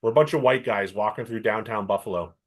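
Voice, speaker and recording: A middle-aged man from Canada, co-hosting a podcast and telling a long story with lively acted-out quotes. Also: fairly low pitch, fast. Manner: animated storyteller, acts out quoted voices. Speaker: podcast co-host. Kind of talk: casual chat.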